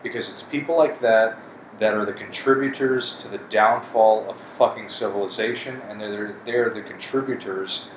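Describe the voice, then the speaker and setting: A man's voice: fairly low pitch, normal speed. Profane, bitter man in echoey room. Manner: blunt, profane, bitter ranting. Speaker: vlogger. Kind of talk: casual monologue to camera. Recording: echoey room with air conditioning hum.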